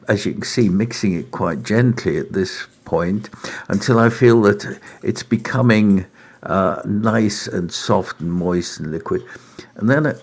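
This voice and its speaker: Middle-aged male home cook, deep gravelly voice, relaxed unhurried demo delivery. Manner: unhurried, chatty, with frequent uh and right. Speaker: home cook presenting a recipe. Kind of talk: relaxed cooking demonstration. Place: home kitchen in France.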